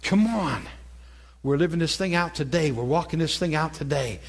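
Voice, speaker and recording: A man's voice: on the high side, moderate pace. A man preaching a sermon at a church school, telling a story in an earnest, conversational way that climbs into fervent peaks. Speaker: pastor teaching a ministry school. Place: church hall before an audience.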